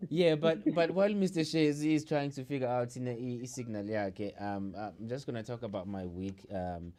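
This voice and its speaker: Man, talk show host, casual chat, laughs a lot, repeats words, middle pitch. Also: normal speed, dark tone. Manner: laughs often, repeats words, many fillers.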